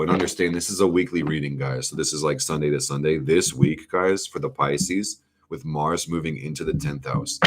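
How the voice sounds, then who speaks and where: A man's voice: a bass voice, noisy background. A man giving a casual, hyped live-stream tarot reading, swearing freely and talking straight to his viewers in slang. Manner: hyped, profane, talks straight to chat with slang. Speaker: astrology and tarot reader.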